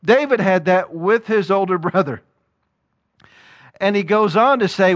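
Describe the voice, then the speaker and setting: A man's voice: sits high, normal speed, muffled recording. A man preaching a sermon, reading scripture and acting out voices with questions to the congregation.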